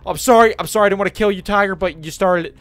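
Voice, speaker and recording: Excitable high-voiced young man gaming. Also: rapid-fire, no room sound. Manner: excitable, yelps and shouts when attacked, drops to whispers when sneaking. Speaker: gaming channel host. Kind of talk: excitable gameplay commentary.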